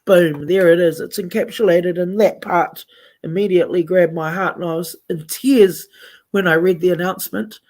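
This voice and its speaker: On live community radio, a woman from Taranaki, New Zealand, pours out heartfelt enthusiasm while mixing Māori with English. Her lowish voice is a little mellow, evenly intoned, and paced moderately.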